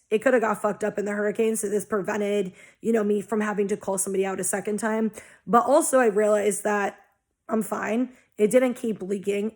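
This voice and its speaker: A woman's voice: mid-range voice, a little mellow. A young adult woman talking casually about spiritual growth in a blunt, heavily profane way, acting out her own past reactions. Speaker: spiritual vlogger. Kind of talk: casual monologue.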